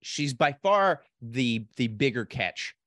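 A man's voice: medium pitch, animated, slow, a bit bright, no echo, studio quality. A man from Pennsylvania co-hosting a podcast, easygoing and agreeable, often restarting his sentences. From Pennsylvania, USA. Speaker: podcast co-host, comedian. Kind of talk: casual chat.

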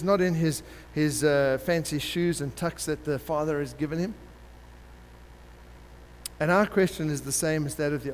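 A man preaches a sermon with animated storytelling and slips into the characters as he tells it. His voice sits a little high for a man. It carries a long reverb, with faint noise behind it.

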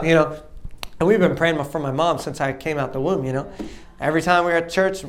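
Young male preacher in his twenties, animated testimony delivery, slightly raised pitch. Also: fast. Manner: animated storytelling, acts out dialogue, laughs often. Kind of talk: testimony sermon.

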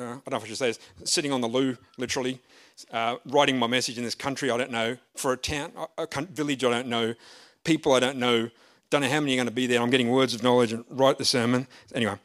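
A man's voice: mid-range voice, a bit bright. A middle-aged man, a pastor, telling a story in a sermon in a chatty, self-deprecating way. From Australia. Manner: chatty and self-deprecating, with frequent restarts and laughs.

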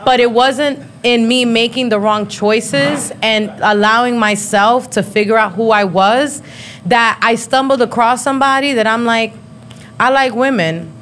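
A woman's voice: a little high, fairly even intonation, measured pace, fairly bright tone. A woman in her thirties hosting a live podcast show, talking bluntly and profanely with frequent laughter. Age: 30s. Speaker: podcast host. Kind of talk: casual live-show chat.

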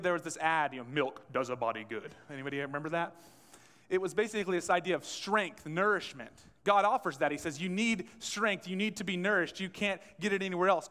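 A man with a high, fairly bright voice preaches a conversational sermon in a church sanctuary, the sound carrying long hall reverb. As pastor, he dramatizes quotes and puts questions to those gathered.

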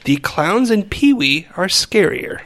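A man's voice: high-pitched, very animated, slow, a bit bright. A man co-hosting a podcast in a casual movie chat, rambling with restarts and wry jokes. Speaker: podcast co-host.

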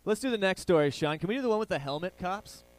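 A man's voice: sits high, animated, quick pace. A man hosting a comedy show, riffing crudely and rambling as he asks the live crowd questions. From Ireland. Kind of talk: stand-up comedy banter with a live audience.

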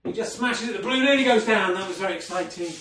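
A man's voice: high voice, fast talker, heavy background noise. A man commentating on a snooker game he plays against himself, in a mock sports commentary style with dry, self-mocking asides. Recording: roomy sound from a distant omni mic.

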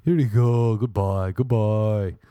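A man's voice: lowish voice, takes it slowly, warm tone, clean tone, no room sound. An Irish man putting on a smug, doting dog-owner neighbour in a cooing, mocking sing-song.

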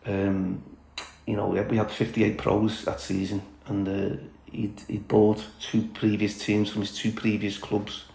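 A middle-aged former footballer telling blunt, candid stories as a podcast guest, chatty with many fillers. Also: male voice, on the low side, little pitch movement, measured pace, gravelly, dark tone, reverberant, low-quality recording. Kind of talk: casual storytelling chat.

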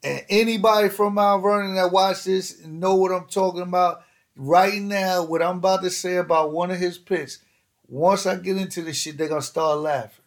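A man telling street stories in an animated way, full of slang and swearing. His voice sits a little high for a man. He slips into other people's voices as he tells it. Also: normal speed. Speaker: podcast host telling stories. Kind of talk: casual storytelling chat.

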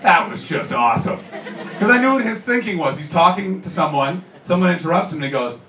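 A man works the crowd at a live stand-up show, loud and sweary, ribbing the audience between bits. He is recorded from a distance, with the room ringing around his voice. A steady background noise sits under him. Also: on the high side, fairly quick, reverberant. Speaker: stand-up comedian. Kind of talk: stand-up comedy with crowd work. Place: live comedy venue with audience.

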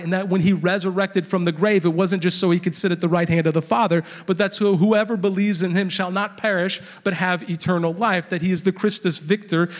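Animated storytelling preacher man. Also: sits high. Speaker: pastor. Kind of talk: sermon. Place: church.

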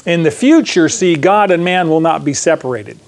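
A man's voice: on the high side, lively intonation, normal speed, vocal fry. A man preaching a sermon as pastor, mixing scripture reading with conversational, joking asides to the congregation.

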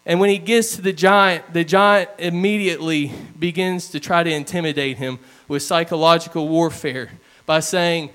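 A man's voice: fairly high pitch, fairly even intonation, normal speed, few pauses, a bit bright, clear, resonant tone. A man preaching a sermon, retelling stories in an earnest, storytelling way.

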